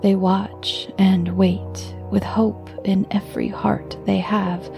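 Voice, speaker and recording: A woman giving a scripted story narration in a hushed, often half-whispered voice, with music playing behind her. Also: mid-range voice, little pitch movement, slow, creaky.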